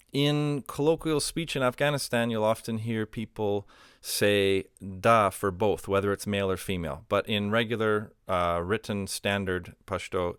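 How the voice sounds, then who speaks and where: A man calmly teaching a recorded grammar lesson, explaining step by step with example phrases and a few ums and uhs. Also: on the low side, clean tone, dry recording, studio quality. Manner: patient explaining with spoken examples, fillers like um and uh. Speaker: language teacher.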